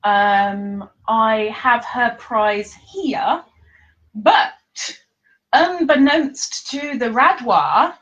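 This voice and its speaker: A woman with a slightly high voice chats unhurriedly through a casual live stream, reading viewers' comments aloud as she goes. She laughs often and keeps a relaxed, easygoing flow. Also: very slow, lo-fi sound. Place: living room at home.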